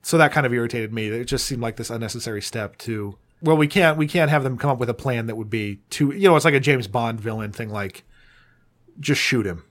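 A man with an ordinary mid-range voice chats on a casual podcast. He picks apart a film's plot with dry, deadpan jokes. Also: mid-range voice, a little fast. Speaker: podcast co-host. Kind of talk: casual film critique chat.

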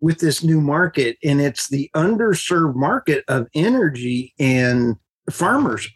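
A woman hosts a podcast in a husky, slightly raspy voice. She rambles excitedly from point to point, often getting worked up mid-sentence. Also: low-pitched. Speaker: podcast host. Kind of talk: casual podcast chat.

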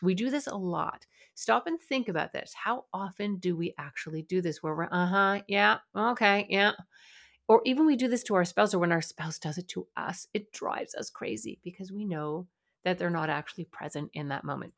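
A middle-aged woman, a child and family therapist, hosting a solo parenting podcast in a conversational, animated storytelling way. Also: lowish voice, brisk, vocal fry.

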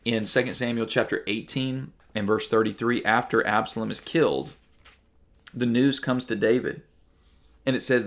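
A man's voice: medium pitch, fairly even intonation, moderate pace, fairly bright tone. A man preaching a sermon as a pastor, earnest and conversational, reading Bible passages and mimicking people.

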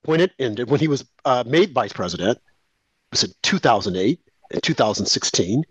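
A man's voice: medium pitch, lively intonation, normal speed, husky, no echo, rough recording. A man co-hosting a talk radio show, giving emphatic, indignant commentary. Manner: emphatic, indignant, mimics others.

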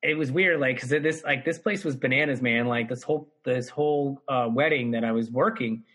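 Husky man telling a wild story. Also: fairly quick. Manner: animated storyteller, swearing, jumps high for quoted voices. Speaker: guest comedian telling a story. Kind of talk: casual podcast storytelling.

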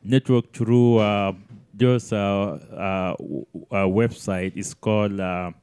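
A man from southern Egypt with an Egyptian accent, a studio guest on a talk show who speaks haltingly, searching for words and restarting often. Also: fairly low pitch, steady tone, darkish tone, smooth. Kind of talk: casual chat. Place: live studio in front of an audience.

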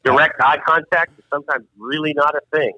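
A man co-hosting a podcast, chatting casually in a halting way full of fillers. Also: a little high, fairly even intonation, sharp tone, no echo. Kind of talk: casual chat. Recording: dull, slightly lo-fi.

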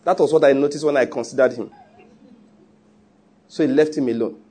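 Husky man preaching emphatically. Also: medium pitch, fairly quick, mellow. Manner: emphatic, teasing preaching with repetition. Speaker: pastor. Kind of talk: sermon.

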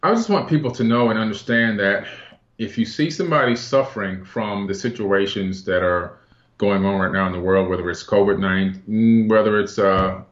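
A man as a guest in a casual chat, speaking earnestly and reflectively with some halting restarts. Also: lowish voice, echoey room, highs cut off.

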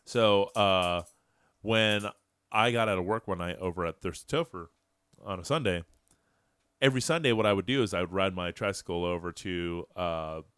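Low-voiced profane podcast host. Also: male voice, moderate pace, clear, resonant tone, dry recording, studio quality. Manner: profane, animated storyteller. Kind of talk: casual storytelling chat.

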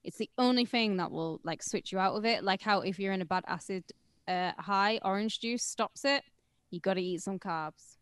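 Female co-host, blunt and jokey, profane casual talk, mid-pitched, dry close mic. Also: normal speed, clean tone, no echo. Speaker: podcast co-host.

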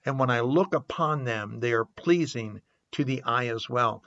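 A man's voice: medium pitch, moderate pace, a bit bright, no room sound. An older man hosting a recovery podcast, speaking earnestly and reflectively, repeating key words and definitions. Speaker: podcast host. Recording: dull, dry sound.

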